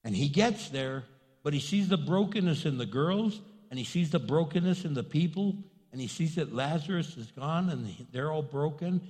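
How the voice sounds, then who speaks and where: A male pastor delivers a conversational, animated sermon, switching into little voices for the people in his stories. His voice sits fairly high for a man. A long hall reverb trails each phrase. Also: normal speed. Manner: conversational, animated, acts out quotes.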